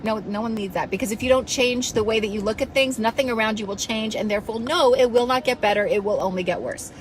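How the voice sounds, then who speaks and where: Casting: woman, fairly high voice, self-help coach, fired-up and blunt, swears freely, faint noise behind, phone mic feel. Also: quick pace, rough recording. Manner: passionate, blunt, scolding, swears casually. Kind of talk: motivational talk to followers.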